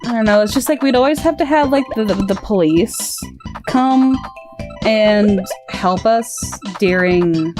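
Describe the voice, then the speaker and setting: A woman's voice: medium pitch, unhurried. A young woman streaming a game and chatting casually, rambling through stories with lots of "like" fillers and frequent laughter. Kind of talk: casual chat while gaming. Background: game music.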